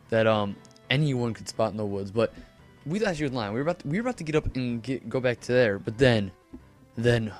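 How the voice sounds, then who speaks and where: A teenage boy casually telling a rambling story over gameplay commentary, full of fillers and self-corrections. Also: fairly low pitch. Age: teens. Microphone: desk microphone.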